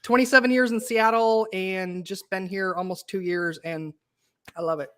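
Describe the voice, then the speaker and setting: A woman's voice: mid-range voice, fairly even intonation, moderate pace. Chatty woman hosting a live interview. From Oregon. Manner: chatty, laughs often, frequent fillers and restarts. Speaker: podcast host. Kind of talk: casual live interview chat.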